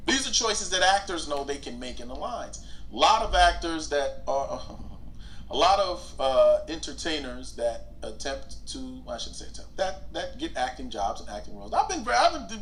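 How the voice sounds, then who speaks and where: Lively bright-voiced actor dude telling stories, faint background hum. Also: male voice, fairly high pitch, normal speed. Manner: animated, acts out quotes in big voices. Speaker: actor interview guest. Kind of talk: casual interview storytelling.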